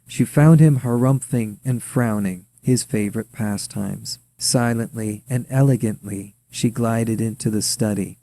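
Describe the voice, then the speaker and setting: Gravelly, dark-voiced male storyteller. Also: on the low side, measured pace, hardly any pauses. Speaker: author and narrator. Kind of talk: scripted story narration.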